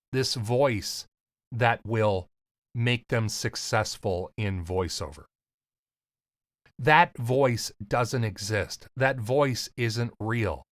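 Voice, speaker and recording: A man with a slight lisp, coaching on voiceover in an earnest, emphatic talk to camera with deliberate pauses. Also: mid-range voice, no room sound. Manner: casual, swears lightly. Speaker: voiceover coach and podcast host.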